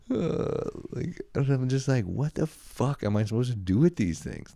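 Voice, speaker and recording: A man's voice: medium pitch, very animated, a little slow, vocal fry, warm tone, dry recording, studio quality. A young man hosting a solo podcast, rambling and swearing with self-mocking laughs. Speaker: podcast host. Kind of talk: solo comedic podcast rant.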